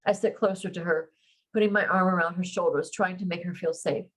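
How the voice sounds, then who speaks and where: A woman author reading her own romance novel aloud in steady, unhurried narration. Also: lowish voice, slightly rough, low-quality recording.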